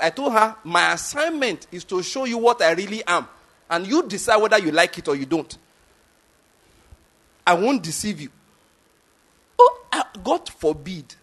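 Emphatic Nigerian pastor, high voice. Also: male voice. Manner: emphatic, repetitive, asks the congregation questions. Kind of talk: sermon.

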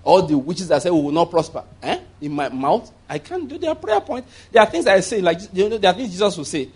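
A man's voice: high-pitched, fast, a little mellow, breathy edge. A man preaching a conversational sermon as pastor, rambling through asides and chuckling often.

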